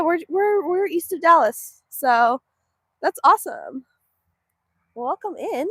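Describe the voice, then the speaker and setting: A high-pitched woman chats on a livestream, her voice bouncing up and down as she reads comments and coos at the animals. She is outdoors and speaks into a phone. The sound is close and dry. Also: wildly swooping pitch, slow, long pauses, a bit bright, no echo. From Northeast Texas. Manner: chatty and affectionate, uses sing-song baby talk to animals. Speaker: livestream host. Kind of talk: casual livestream chat, reading viewer comments. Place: outdoors at a foggy cow pen.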